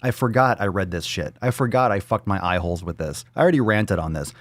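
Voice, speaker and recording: A man's voice: deep voice, lively intonation, fast talker, no echo. A man hosting a daily livestream podcast, ranting in a fiery, profane way. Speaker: host.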